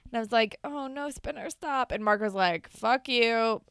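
A woman's voice: fairly high pitch, normal speed, clean tone, no room sound, studio quality. A young woman co-hosting a podcast, animatedly retelling episode scenes and acting out the lines. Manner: animated retelling with quoted voices and swearing. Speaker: podcast co-host. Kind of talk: casual recap chat.

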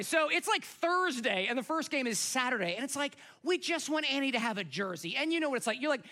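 A pastor delivering a sermon, telling a family story in a casual, animated way and speaking directly to the congregation. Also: male voice, extremely high pitch. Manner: conversational, animated storytelling, asks the crowd.

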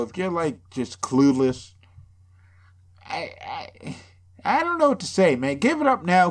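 A man from the area, rambling through a casual, profane podcast monologue full of jokes and sarcasm, sounding a bit drunk. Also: fairly high pitch. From Boston area. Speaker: podcast host.

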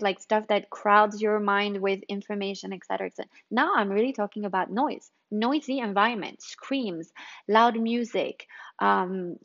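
A woman's voice: medium pitch, lo-fi sound. A woman hosting a podcast, talking casually and wandering off on tangents before restating her point. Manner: chatty, digressive, restates points. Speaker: podcast host. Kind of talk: casual health talk monologue.

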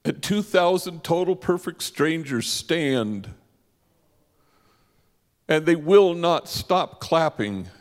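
A man preaching a sermon as a vivid storyteller who slows down for emphasis. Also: fairly high pitch, expressive. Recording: long hall reverb.

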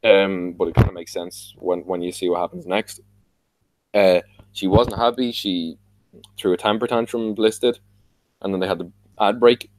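Podcast host, Irish man, low voice, casual rambling recap. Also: steady tone, moderate pace, long pauses, a little mellow, no room sound, low-quality recording. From Ireland. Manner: rambling, many fillers and restarts.

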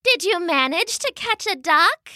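A woman voicing a kindly, patient old woman with a soft, soothing manner in a storybook. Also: very high-pitched, expressive, unhurried, dry recording, studio quality, voice pushed up, heavily acted.

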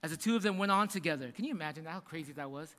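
High bright-voiced preacher man in a hall. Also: racing. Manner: animated storytelling, acting out voices in quotes. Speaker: pastor. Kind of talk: sermon. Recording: reverberant hall.

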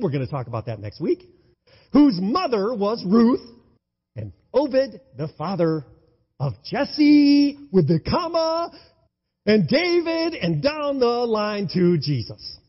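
Animated, husky-voiced male pastor preaching. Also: high-pitched. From United States. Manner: animated, enthusiastic, swings from loud exclamations to hushed tones. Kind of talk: sermon. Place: church sanctuary. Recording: dull, lo-fi sound in a reverberant hall.

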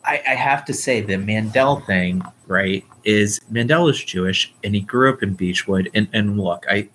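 A man interviewing a guest in casual conversation, agreeing often and speaking a little haltingly. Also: lowish voice, a bit bright, slight background noise, poor audio.

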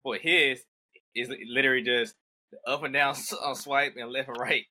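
A man's voice: mid-range voice, fairly even intonation, normal speed, sharp tone. A man hosting a casual interview podcast, laid-back and hesitant, with lots of fillers as he asks questions. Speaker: podcast host.

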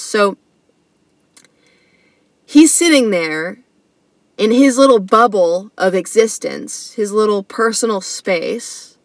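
A woman's voice: medium pitch, no echo. Woman, comedy podcast host, casual storytelling, slangy and earnest, close dry recording. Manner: slangy and earnest, says bro and dude.

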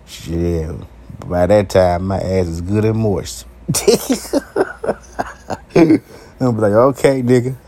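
A man's voice: deep voice, extremely slow, pauses often. Brash, profane man ranting uncensored. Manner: profane, brash and animated, often laughing. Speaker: vlogger. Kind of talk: raw, uncensored monologue.

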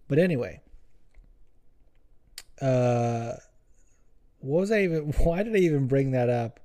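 Mellow-voiced man rambling casually on a podcast. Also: mid-range voice, normal speed. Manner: rambling, profane, joking. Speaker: podcast host.

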